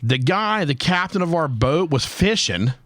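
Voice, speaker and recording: Lively profane man telling stories. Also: fairly high pitch, a little slow, dry recording. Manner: profane, rambling storyteller. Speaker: podcast host. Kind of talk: casual chat.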